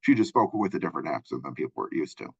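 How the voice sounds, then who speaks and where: A man's voice: very deep voice, expressive, racing, husky, no echo. A man from Minnesota giving a casual recorded lecture as a college instructor, talking in a loose, rambling way with many fillers and tag questions. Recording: dull lo-fi close recording.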